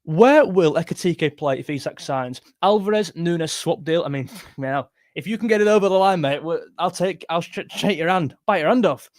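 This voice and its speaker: A young man talks through his picks on a live stream, quick and opinionated, restarting sentences as he goes. His voice sits a little higher than most men's and is recorded close and dry, with no room sound around it. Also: dry recording. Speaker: football channel host. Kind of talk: live-stream chat reading super chats.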